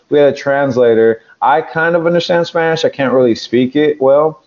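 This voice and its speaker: A man's voice: a little high, normal speed, hardly any pauses, a little mellow, dull audio. A man from California, a pro wrestler guest, telling a rambling, profane story in casual chat and acting out the other people's lines. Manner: profane, rambling, acts out quotes.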